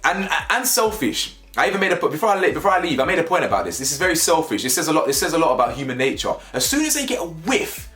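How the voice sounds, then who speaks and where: A man's voice: on the high side, very animated, fast, hardly any pauses, a bit bright, soft background music. A young man with a London accent, ranting to camera in a rambling, slangy, emphatic way and repeating his points. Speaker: vlogger. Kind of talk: opinionated rant to camera. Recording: echoey room.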